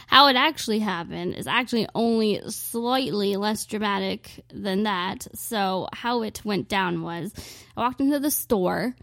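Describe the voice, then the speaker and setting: A woman's voice: mid-range voice, a little slow, vocal fry, a bit bright, no echo, studio quality. A young woman telling a self-mocking comic story, rambling and dramatic, with lots of "like". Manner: dramatic, exaggerated delivery.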